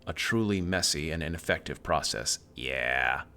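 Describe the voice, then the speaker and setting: A man streaming a game, reading its text aloud evenly, with sudden loud outbursts. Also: a bass voice, animated, normal speed.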